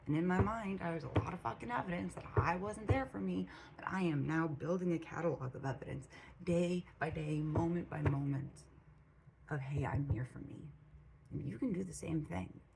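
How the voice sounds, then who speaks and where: A woman's voice: lowish voice, moderate pace, gravelly, a little mellow, a little hiss or hum, rough recording. A woman giving blunt, profane spiritual advice in a casual monologue, repeating phrases for emphasis. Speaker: spiritual channel host. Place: home room with a cat.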